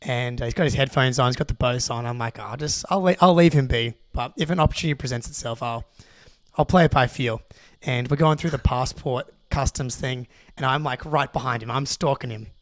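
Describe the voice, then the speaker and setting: A young Australian man, co-host of a podcast, telling a long story in an excitable, rambling way with lots of restarts. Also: medium pitch, a little fast, no echo. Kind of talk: casual storytelling.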